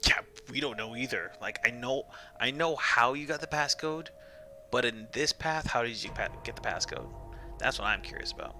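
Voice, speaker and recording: A male streamer comments casually on a story game, cracking jokes and laughing. His voice is very bright and sits in the middle of the range. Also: medium pitch, moderate pace, faint music behind. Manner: chatty, joking, laughs often. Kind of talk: casual let's-play commentary.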